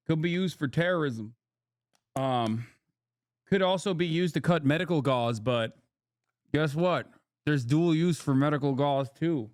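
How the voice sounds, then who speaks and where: A man's voice: on the high side, unhurried, long pauses, darkish tone, no echo, clean studio sound. Blunt, sarcastic man streaming commentary. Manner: blunt, sarcastic, swears freely, rambles with restarts. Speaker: streamer reacting to news clips. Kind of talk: casual livestream commentary.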